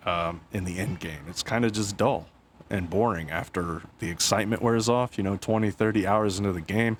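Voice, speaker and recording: Man, low voice, casual gaming commentary, rambling, stumbling over words, faint background hum. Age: adult with young kids. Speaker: gaming YouTuber.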